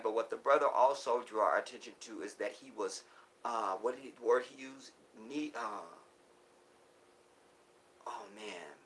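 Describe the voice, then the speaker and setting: A man talking live to his viewers in an emotional monologue, breaking off and restarting, swinging from loud urgent pleas to hushed near-whispers. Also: medium pitch, a little hiss or hum, low-quality recording. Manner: halting, restarts often. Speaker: live streamer.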